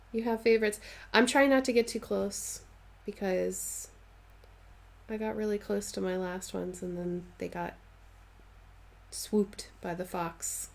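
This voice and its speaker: A woman's voice: medium pitch, gravelly, darkish tone. A woman chatting casually on a live stream while she stitches, answering viewers' comments and playfully dramatizing her stories.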